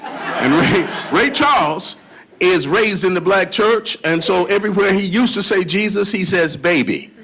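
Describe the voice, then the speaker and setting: A man's voice: high-pitched, a little slow, a bit bright, slightly rough. A man lecturing as a blues historian and guitarist to a live audience, telling stories in a folksy manner and breaking into song. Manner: folksy storyteller, drawls into song. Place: live event before an audience. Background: guitar playing.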